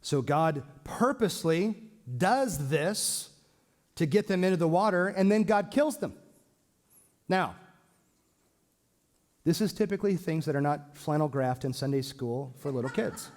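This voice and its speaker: A man teaching a small church Bible class in a casual, joking way, with lively asides to his listeners. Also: fairly high pitch, measured pace, pauses often. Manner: lively, joking, acts out quoted speech.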